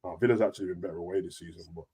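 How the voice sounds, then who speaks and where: A young man talks football at a rapid clip, full of street slang. His pitch leaps high when he gets worked up, and he rattles the points off quickly. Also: breathy edge. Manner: animated, slangy, rapid banter with big pitch jumps. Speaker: football podcast host. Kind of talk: casual chat.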